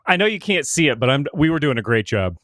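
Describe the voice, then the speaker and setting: A man's voice: on the high side, sing-song, fast talker, a bit bright, no room sound, studio quality. A man co-hosting a political talk podcast, trading jokes in loose, laughing banter. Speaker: podcast co-host.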